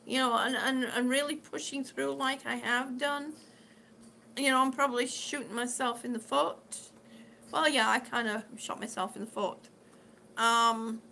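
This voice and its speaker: A woman's voice: high voice, pushed and bright, slight background noise. A middle-aged woman chatting casually on her live stream, rambling and answering viewers' comments as she goes. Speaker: vlogger living with lung disease.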